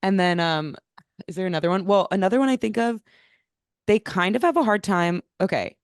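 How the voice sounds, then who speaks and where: A woman co-hosting a podcast in casual chat, calm and thoughtful, telling stories in an easygoing way. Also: medium pitch, brisk, smooth, no echo, studio quality. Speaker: podcast co-host.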